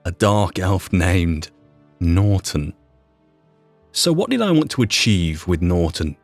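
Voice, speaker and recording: Speaking slowly in a deep, sing-song voice, the Yorkshire-born podcast host and mod creator meanders through a casual retrospective, mocking himself and swearing mildly. The recording is dry, with faint music behind him.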